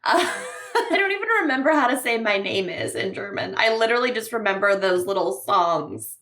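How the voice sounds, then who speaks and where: A woman's voice: medium pitch, expressive, normal speed, fairly bright tone. A woman co-hosting a podcast in casual chat, giggly and swearing freely. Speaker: podcast co-host.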